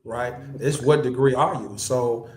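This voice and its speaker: A man who is a guest and martial artist, telling lively anecdotes in casual slangy talk and acting out the voices of the people in his stories. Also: medium pitch, a little slow, reverberant. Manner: animated anecdotes, slangy, acts out quoted voices. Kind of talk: casual storytelling chat.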